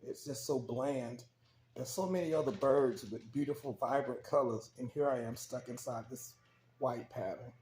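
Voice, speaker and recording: A man voicing a gloomy, dissatisfied male swan in a spoken story, glum and slow. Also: medium pitch, a little mellow, roomy sound, a little hiss or hum, natural voice.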